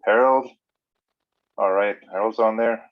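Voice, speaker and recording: A man's voice: on the low side, fairly even intonation. Easygoing Canadian-born man, muffled audio. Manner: easygoing, halting with fillers. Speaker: livestream host. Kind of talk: casual group chat.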